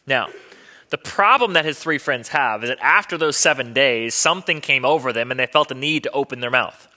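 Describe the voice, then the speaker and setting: A man's voice: medium pitch, fairly quick, sharp tone. A man preaching a sermon as pastor in a conversational, earnest way with wry humor.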